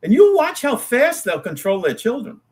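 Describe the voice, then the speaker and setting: A man's voice: extremely high pitch, normal speed. A man co-hosting a casual chat, telling stories and teasing his partner. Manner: animated storyteller, teasing. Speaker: co-host.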